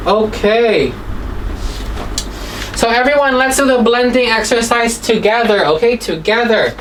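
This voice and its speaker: A woman teaching a phonics lesson to children, sounding out words slowly and asking "okay?" after nearly every line, coaxing and gently scolding. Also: fairly high pitch, far from the mic, slight background noise, poor audio. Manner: slow, drawn-out sounds, repeats "okay?" often; coaxing, mildly scolding when children drift.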